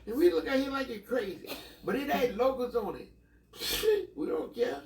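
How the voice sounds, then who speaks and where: Far from the mic in an echoey room with slight background noise, a man speaks at normal speed in an extremely high voice with big pitch swings and vocal fry. A Mississippi storyteller, he rambles through profane childhood memories, breaking into laughter mid-story.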